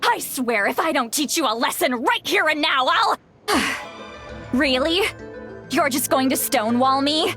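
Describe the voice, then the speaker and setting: A woman's voice: high-pitched, lively intonation, sharp tone, soft background music, exaggerated voice. An actress voicing a feisty, sassy granny who looks younger than her age and scolds sharply in game voice lines. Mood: sassy scolding. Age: older. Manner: sassy, scolding, quick to anger. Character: feisty youthful-looking old granny, scolding, fierce. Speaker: game character voice.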